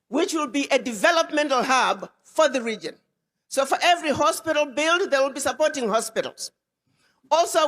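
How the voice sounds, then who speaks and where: A woman's voice: high-pitched, fairly bright tone. A woman, an ambassador giving an emphatic public speech to an audience and repeating words for weight. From Ghana. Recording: long hall reverb.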